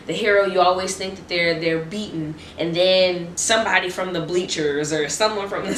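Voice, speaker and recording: A woman giving an excited, restless motivational faith talk to her viewers, repeating her refrains. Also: on the low side, a little hiss or hum. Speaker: Christian vlogger. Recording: roomy echo, distant mic.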